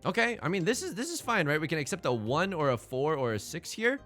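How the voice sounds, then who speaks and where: Young male streamer, animated pitch, self-deprecating, casual game commentary, faint music. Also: fast talker. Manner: self-deprecating, rambling, thinks out loud.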